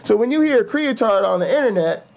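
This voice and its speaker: A man's voice: high-pitched, quick pace, creaky. A man hosting his own channel, ranting casually and profanely, often asking "right?". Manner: animated, profane, says "right?" a lot. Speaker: YouTube host.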